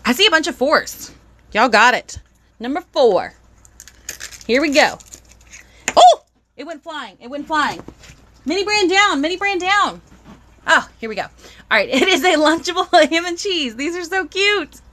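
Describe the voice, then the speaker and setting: Young woman on a live stream, bright voice, chatty and excitable. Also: high-pitched, a little slow, long pauses. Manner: bubbly, greets viewers, squeals with excitement.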